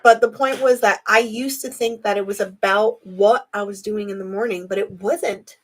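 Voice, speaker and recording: A woman's voice: medium pitch, fairly even intonation, normal speed. A young adult woman hosting a live video, talking casually and reflectively to her viewers. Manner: chatty, reflective, addresses viewers directly. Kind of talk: casual live-stream talk.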